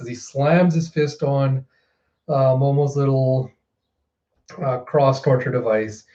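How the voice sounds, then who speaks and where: Animated man recapping in a mellow voice. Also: medium pitch, measured pace. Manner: animated, retelling with frequent fillers. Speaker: manga reviewer. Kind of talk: casual reaction commentary. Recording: roomy, slightly dull recording.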